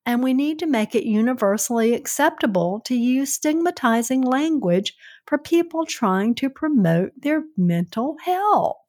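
A woman's voice: high-pitched, lively intonation, unhurried, a little mellow. A middle-aged woman with a Southern US accent, co-hosting a podcast in an earnest, heartfelt way. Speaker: podcast co-host. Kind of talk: casual podcast chat.

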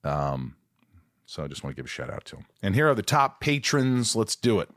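A man's voice: lowish voice, big pitch swings, fairly quick, a bit bright, dry recording, studio quality. A man in his forties hosting a podcast, telling stories in an enthusiastic, rambling way. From Kentucky. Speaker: podcast host. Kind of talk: casual chat.

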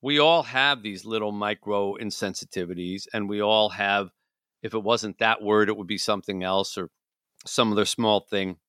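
A man's voice: lowish voice, normal speed, clean tone, dry recording, clean studio sound. A man co-hosting a casual talk show, telling stories and acting out exaggerated quotes. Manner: animated storyteller, acts out exaggerated quotes. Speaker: co-host.

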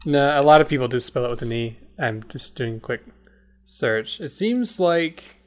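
A man's voice: medium pitch, lively intonation, normal speed. Curious man chatting on a podcast. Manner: curious, explains things he looks up. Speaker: podcast co-host. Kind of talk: casual chat.

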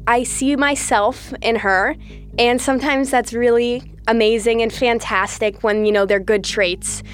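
A woman's voice: on the high side, fairly even intonation, soft background music. A woman reflecting thoughtfully on what it means to have a sibling. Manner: thoughtful, measured.

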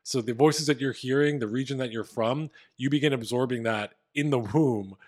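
Here a podcast co-host chats casually, explaining a story with wry humor. His voice is mid-range at a normal speed, and while he's from Philadelphia, his accent is light.

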